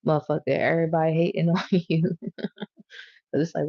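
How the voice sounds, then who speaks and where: A woman's voice: deep voice, level tone, fairly quick, vocal fry, pauses often, no echo, muffled recording. A woman giving a casual tarot reading to her viewers, rambling, profane and chatty as she goes. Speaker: tarot reader.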